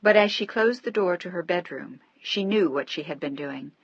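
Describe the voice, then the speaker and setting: Give me a woman narrating a novel in a steady, measured way, dry and slightly muffled sound. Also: lowish voice, husky, no echo. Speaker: audiobook narrator. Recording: dry, slightly dull audio.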